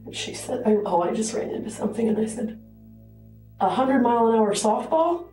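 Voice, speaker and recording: A woman interviewed about a friend, telling it in an animated way and quoting others. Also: on the high side, moderate pace, soft background music. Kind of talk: interview recollection. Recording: echoey and distant.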